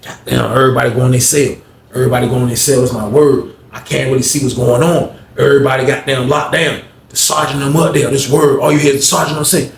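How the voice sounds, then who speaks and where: A man telling a story in an animated, profane way, acting out the voices of the people in it, recorded in an echoey room. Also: medium pitch, fast talker, vocal fry.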